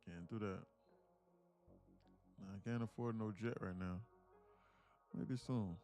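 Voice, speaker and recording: A man from with a gravelly voice, boasting about his trading and bantering with viewers on a live stream from his home apartment. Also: lowish voice, slow, dark tone, soft background music. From Atlanta, USA. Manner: boastful, teasing banter with chat. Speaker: day trader streamer.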